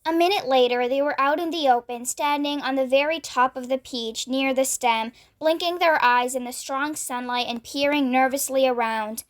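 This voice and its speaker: High-voiced woman reading a storybook. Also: moderate pace, hardly any pauses. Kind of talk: reading a children's book aloud.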